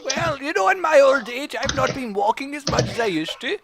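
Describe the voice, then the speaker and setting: A man voicing a frail, fussy old male woodworker with a wavering, creaky old-man voice. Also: very high voice, very animated, a little fast, heavy background noise, voice pushed up, exaggerated voice. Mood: doddering, pleased.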